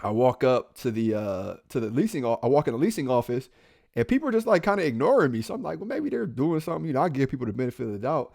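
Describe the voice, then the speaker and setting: A police officer from Central Ohio co-hosts a podcast, animatedly telling a personal story in casual talk and acting out the voices of the people in it. He talks fast in a medium-pitched, creaky voice.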